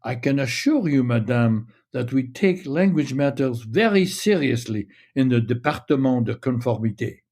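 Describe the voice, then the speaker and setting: Man doing a stuffy bureaucrat inspector, stiff and grave, mellow low voice. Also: expressive, moderate pace, few pauses. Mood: officious. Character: officious male government compliance inspector.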